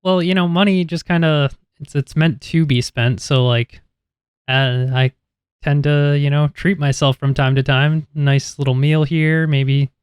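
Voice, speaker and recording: A man's voice: fairly high pitch, fairly even intonation, unhurried, clear, resonant tone, dry recording, studio quality, close to an everyday voice. A man voicing Morthos, an easygoing rogue companion, in a tabletop game, talking in a casual, rambling way.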